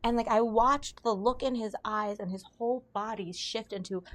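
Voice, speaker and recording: A woman, a podcast guest, telling personal stories in conversation, animated and laughing often. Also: fairly high pitch, moderate pace. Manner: animated storyteller, laughs often, acts out quoted voices. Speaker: podcast guest, intuitive guide. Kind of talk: storytelling in conversation.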